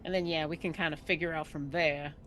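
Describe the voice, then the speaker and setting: A woman playing in a tabletop game, speaking in a thoughtful, measured way. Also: low voice, fairly even intonation, fairly bright tone, slight background noise. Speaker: player. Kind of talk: casual tabletop play.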